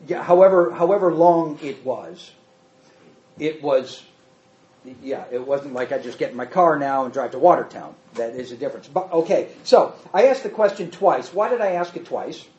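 A man's voice: on the high side, animated, moderate pace, a little mellow. A man teaching a Bible study, reading scripture aloud and explaining it with emphatic repetition and questions to his listeners. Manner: emphatic, repeats points, quizzes listeners. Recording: dull echoey room recording.

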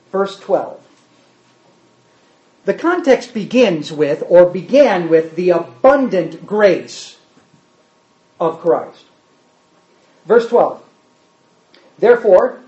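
Preacher, male, emphatic, animated delivery, muffled lo-fi recording. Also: sits high, echoey room. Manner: emphatic, asks the congregation rhetorical questions. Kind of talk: sermon. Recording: dull lo-fi sermon recording.

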